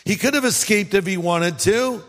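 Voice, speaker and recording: A man's voice: sits high, normal speed, in a large hall. A man from California preaching a sermon in a conversational way, acting out quoted lines. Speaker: pastor.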